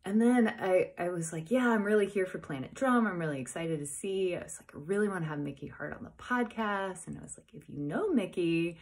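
Woman with a pretty low voice, podcast host, rambling excited story time, lots of "i was like". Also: brisk, few pauses. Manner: chatty, excitable, retells dialogue with many "I was like". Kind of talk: casual personal storytelling.

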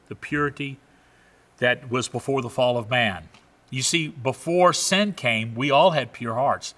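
A man's voice: medium pitch, pushed and bright. A man pastor delivering a sermon with emphatic preaching, drawing out the key phrases. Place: church sanctuary. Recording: long church hall reverb.

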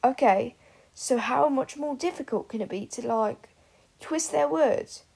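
Woman doing a nerdy teen boy, dry and offhand, husky bit gravelly. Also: sits high, measured pace, a little mellow, voice pushed up, full character voice. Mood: excited. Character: bookish teenage boy, dry and clever.

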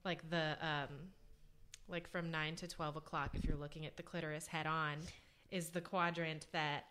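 Laid-back woman chatting, lowish voice, lots of likes and ums. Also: moderate pace, clean tone. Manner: relaxed, agreeable, many fillers. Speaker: guest reviewer. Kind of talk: casual chat.

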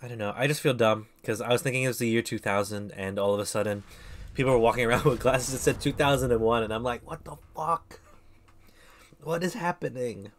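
A man's voice: mid-range voice, fairly even intonation, quick pace, a little hiss or hum. Rambling self-deprecating male streamer. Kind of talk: casual gameplay commentary.

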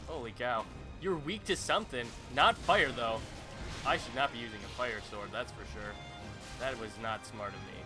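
A young man hosting a let's-play, commenting as he goes. He mutters nervously, then bursts into loud exclaims and yelps. Game music plays clearly behind his voice. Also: mid-range voice. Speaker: gaming channel host.

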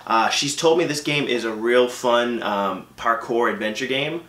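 A man talks casually through his game collection, chatty and opinionated with plenty of ums and uhs. His voice is bright and forward at an ordinary pitch. The recording carries a noticeable room echo. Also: normal speed. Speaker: gaming channel host. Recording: echoey room.

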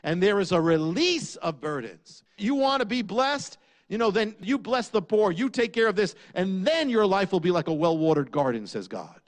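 High-voiced man preaching with emphasis. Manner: emphatic, rhetorical questions, drops low on key lines. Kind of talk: sermon.

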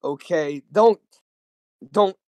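A man co-hosting a comedic podcast, speaking in a laid-back, deadpan, matter-of-fact way. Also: high voice, drawn-out words, dry recording. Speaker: podcast co-host. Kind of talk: comedic vtuber podcast banter.

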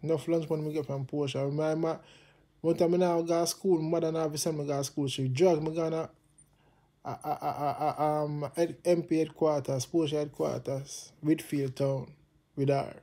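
A man's voice: fairly high pitch, flat delivery, moderate pace, mellow. A Jamaican man from Jamaica, hosting his own channel, ranting casually and passionately in heavy patois, repeating himself. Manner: impassioned, repetitive, patois-heavy. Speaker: channel host. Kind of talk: casual political rant to camera.

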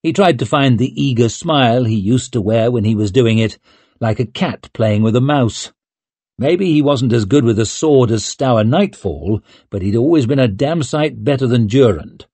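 A man narrating a fantasy audiobook in a measured, even reading. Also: mid-range voice, husky, dry recording. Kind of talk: scripted narration.

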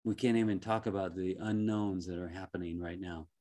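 A man working as a life coach, giving a gentle, reflective motivational talk with frequent soft chuckles and halting restarts. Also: low-pitched, steady tone.

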